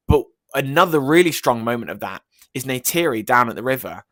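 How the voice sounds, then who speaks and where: A man's voice: medium pitch, sharp tone, no echo. A man talking through a film in a casual review vlog, enthusiastic and rambling, with many ums and restarts.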